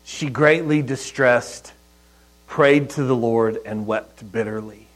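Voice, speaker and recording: A man preaching a sermon in a conversational, storytelling way, with soft asides. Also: medium pitch, slow, low-quality recording. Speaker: pastor.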